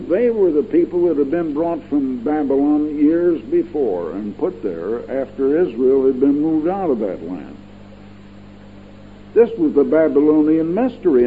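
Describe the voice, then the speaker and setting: Older male radio preacher, fairly high-pitched, folksy and digressive, emphatic repeats; tinny lo-fi broadcast sound. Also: big pitch swings, normal speed, slight background noise. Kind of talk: radio Bible-teaching sermon.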